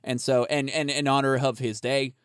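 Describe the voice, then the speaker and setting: A man's voice: medium pitch, level tone, normal speed, clean tone, dry recording, studio quality. A man co-hosting a podcast, rambling casually with lots of swearing and laughter. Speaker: podcast co-host.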